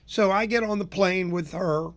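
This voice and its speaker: A man from Florida with a fairly high voice rants about sales to his listeners, folksy and energetic. He tells stories as a consultant would, bringing the people in them to life as he goes. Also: normal speed. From Tampa area, Florida. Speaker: business consultant and show host. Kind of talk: storytelling rant to listeners.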